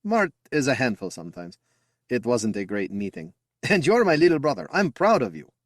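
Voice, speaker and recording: A man's voice: lowish voice, big pitch swings, moderate pace, no room sound, studio quality. A man voicing an eager, boastful young man who talks proudly and affectionately about his little brother. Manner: upbeat, chatty and affectionate.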